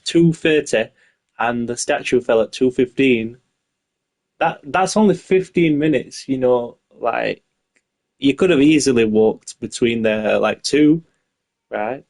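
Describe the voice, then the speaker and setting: A man's voice: medium pitch, a little slow, gravelly, a little mellow. A young man streaming a game, talking casually with lots of fillers and frequent swearing. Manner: rambling, swears freely, many fillers. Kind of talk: casual gaming commentary.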